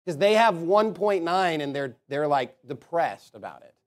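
A man preaching a sermon as a pastor, emphatic, swinging between loud declarations and quiet asides. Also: fairly high pitch, animated, moderate pace.

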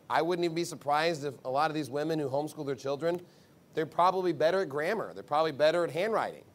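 A man preaching a conversational sermon as a pastor, blunt and emphatic, rambling with asides. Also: fairly high pitch.

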